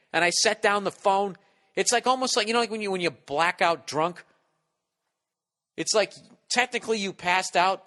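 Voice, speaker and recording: A man in his forties, a comedy podcast host, rambling through a profane, animated story into a studio mic. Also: high-pitched. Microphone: studio mic with windscreen.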